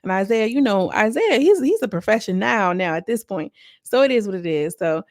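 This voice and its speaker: A woman's voice: mid-range voice, lively intonation, brisk, no echo, clean studio sound. A young woman recapping a reality TV episode in a chatty, slang-filled way, acting out what people said. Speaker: reality TV reviewer.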